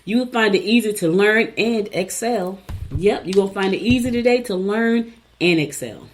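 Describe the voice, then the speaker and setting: A woman's voice: medium pitch, moderate pace. A middle-aged woman hosting a show, reading horoscopes in a casual, chatty way with folksy asides and repeated advice. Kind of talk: casual chat, reading and riffing.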